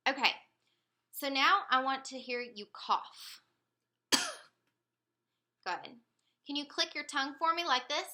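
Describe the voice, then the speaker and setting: Woman, examiner, very bright voice, slightly high, calm step-by-step clinical instructions. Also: slow pace, pauses often. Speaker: speech examiner. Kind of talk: clinical motor speech exam.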